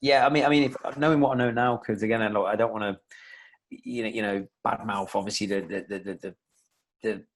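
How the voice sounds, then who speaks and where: A fairly low-voiced young man talks casually as a podcast guest. He rambles, restarting sentences and piling on fillers, in a loose, conversational way. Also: fairly even intonation, brisk. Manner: rambling, many restarts and fillers, laughs a lot. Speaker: podcast guest, fitness coach.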